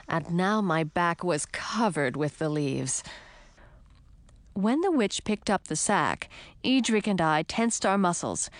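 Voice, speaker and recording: Woman reading a kids' fantasy audiobook, lively tone, dry close sound. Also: fairly low pitch, dry recording. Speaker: audiobook narrator. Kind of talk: scripted first-person narration.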